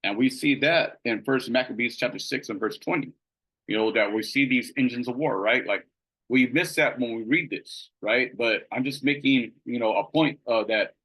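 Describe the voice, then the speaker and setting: A mid-range, slightly bright, husky male voice comes through a rough recording. The man teaches a Bible study conversationally, reading passages aloud, using many fillers, and tossing in "right?" tag questions.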